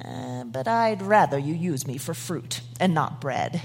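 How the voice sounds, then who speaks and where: A woman's voice: deep voice, lively intonation, a little slow, big-room sound, a little hiss or hum, pitched below the performer's own voice. A woman as a fussy wooden bowl. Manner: fussy, hesitant.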